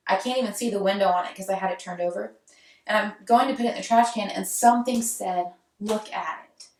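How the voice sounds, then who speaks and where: A woman's voice: medium pitch, distant mic. A young woman, telling her own story in a candid, conversational way. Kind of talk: personal storytelling. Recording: roomy echo, voice set back from mic.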